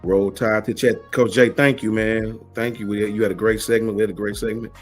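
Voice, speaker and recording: A man co-hosting a casual live stream, signing off in a relaxed, friendly way. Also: on the low side, fairly quick, soft background music.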